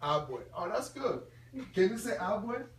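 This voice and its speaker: A man's voice: sits high, slow pace, slight background noise. Man in his twenties, echoey and distant. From Congo. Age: 20s. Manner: animated, laughing, quizzing the audience. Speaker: guest speaker at a school. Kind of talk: talk to students. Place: classroom or school hall. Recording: echoey room audio from far off.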